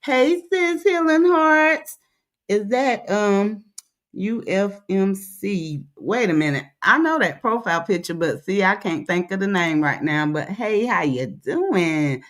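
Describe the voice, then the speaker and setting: A woman's voice: mid-range voice, expressive, unhurried, fairly bright tone. A woman running a casual livestream, loose and chatty. She calls out viewers' names in a raised sing-song tone. In between she talks bluntly and rambles, with plenty of filler words. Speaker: livestream host.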